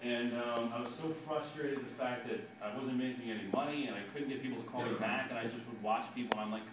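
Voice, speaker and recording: Animated man telling a story, echoey and distant. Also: mid-range voice, fast talker, hardly any pauses, over a noisy crowd. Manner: animated, acts out quotes with loud bursts. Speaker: sportscaster speaking to students. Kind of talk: anecdotal storytelling talk. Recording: echoey room, distant mic, background noise.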